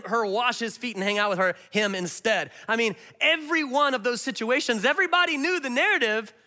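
A male pastor giving a sermon as an animated storyteller. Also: sits high. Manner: animated storyteller with big swings in voice.

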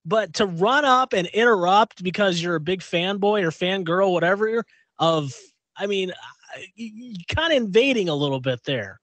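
A man's voice: sits high, lively intonation, moderate pace, fairly bright tone, no room sound. A middle-aged man co-hosting a casual radio show chat, rambling and restarting as he acts out little quotes. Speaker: co-host.

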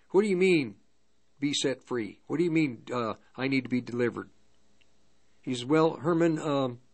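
A man telling a spiritual deliverance story in a rambling, halting way, slipping between first and third person. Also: mid-range voice. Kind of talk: spoken testimony storytelling.

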